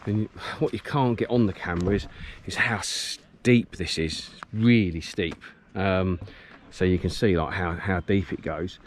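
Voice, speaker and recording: Speaking in a low, steady voice, a little slowly and with few pauses, a middle-aged man talks to a handheld camera about his fishing gear on a reservoir bank. He's a match angler vlogging his day casually, with plenty of ums and restarts, while strong wind roars over the audio.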